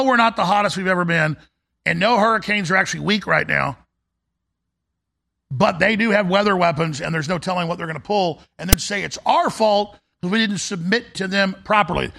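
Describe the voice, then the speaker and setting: A man's voice: sits high, vocal fry, sharp tone. A male talk show host delivering a fiery, emphatic political monologue in a ranting manner.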